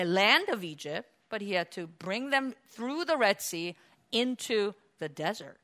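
A woman preaching a sermon in an animated storytelling manner, asking the congregation questions and answering them herself. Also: medium pitch.

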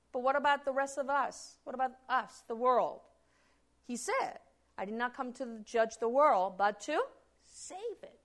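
Woman preacher, sermon, fairly high voice, rhetorical questions, hushed-to-loud swings. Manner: asks rhetorical questions and answers them.

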